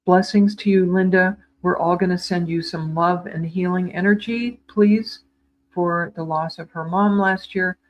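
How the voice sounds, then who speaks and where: A woman giving live psychic readings, speaking in a tender, soothing way with gentle repetitions and small stumbles, calling viewers sweetheart. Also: fairly low pitch, fairly even intonation, unhurried, lo-fi sound. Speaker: psychic medium.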